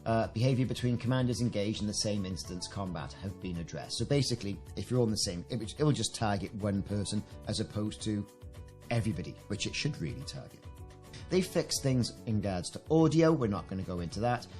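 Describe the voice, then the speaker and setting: A man's voice: fairly low pitch, lively intonation, fairly quick, darkish tone, soft background music. A British man giving casual commentary on a game update, reading out patch notes and adding chatty, enthusiastic asides. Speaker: gaming video creator.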